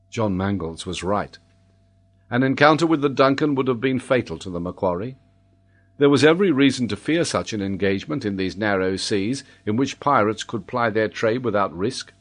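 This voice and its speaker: A man narrating a classic adventure novel in a measured, formal reading. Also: fairly low pitch, animated. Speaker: audiobook narrator. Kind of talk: scripted narration.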